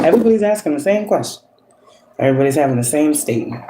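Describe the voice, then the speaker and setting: A woman's voice: sits low, animated, moderate pace, mellow, roomy sound, slight background noise, poor audio. A woman giving a casual spiritual monologue, preachy and profane, asking rhetorical questions and laughing often. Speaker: spiritual influencer.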